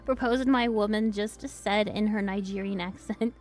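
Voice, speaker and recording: A woman's voice: mid-range voice, slow, pauses often, a little mellow, faint music behind. A young woman hosting her stream, chatting casually with viewers and laughing often. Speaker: streamer host.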